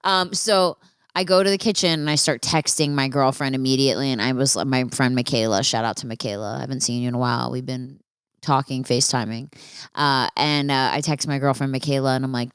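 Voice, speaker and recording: A woman's voice: rumbling low, fairly even intonation, a little fast, clear, resonant tone, dry recording, clean studio sound. A woman hosting a casual storytelling podcast, chatty and profane, talking to listeners with friendly asides. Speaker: podcast host.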